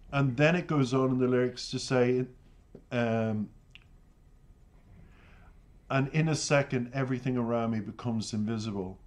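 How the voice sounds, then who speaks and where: A middle-aged Irish man hosting a music reaction channel, talking in a halting, emotional way with sighs as he tells a personal story. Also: medium pitch, a little mellow. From Ireland. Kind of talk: reflective reaction commentary.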